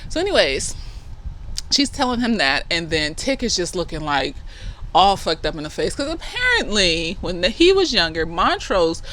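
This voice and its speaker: A woman chats through a TV episode recap in a loose, half-tipsy way, her voice bright and edged. She swoops all over her range, cursing freely and bursting into the characters' parts. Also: on the low side, moderate pace, a little hiss or hum. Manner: animated, profane, acts out characters' lines. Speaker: therapist reviewing a TV episode. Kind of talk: casual tipsy review chat.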